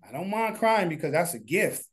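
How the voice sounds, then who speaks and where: A studio founder appears as a guest on an interview, speaking in a high-pitched, slightly bright voice with lively intonation at a moderate pace. He talks casually and earnestly from the heart, rambling and often restarting his sentences.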